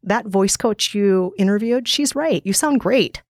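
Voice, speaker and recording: A woman's voice: mid-range voice, a little slow, dry recording, clean studio sound. A woman from the upper Midwest of the United States with an Upper Midwest accent, speaking candidly and emphatically as a podcast guest and author in an interview. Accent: Upper Midwest American. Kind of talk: interview conversation.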